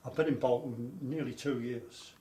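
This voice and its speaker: In this oral history interview, an older man talks about growing up during the war, telling it in a rambling way with repetitions. He has a mellow, mid-range voice, a steady tone and a moderate pace, recorded in an echoey room with faint background noise.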